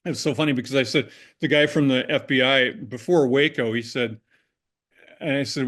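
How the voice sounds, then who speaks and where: A man's voice: mid-range voice, steady tone, moderate pace, fairly bright tone. Older man telling rambling stories. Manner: rambling, with frequent restarts and self-corrections. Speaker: interview guest, former prop master. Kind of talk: casual anecdotal storytelling.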